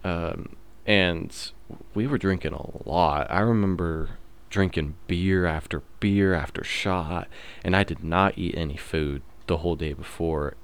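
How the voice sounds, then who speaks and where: With a low, smooth voice, this twenty-something podcast host spins casual stories on his own show, cursing a lot and leaning heavily on fillers in a relaxed delivery.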